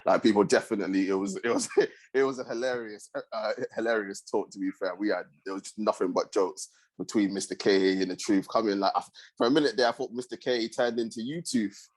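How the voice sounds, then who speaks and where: Low-voiced man hosting a podcast. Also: a little fast. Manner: relaxed, hesitant with fillers, agreeable. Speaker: podcast host. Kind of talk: casual chat.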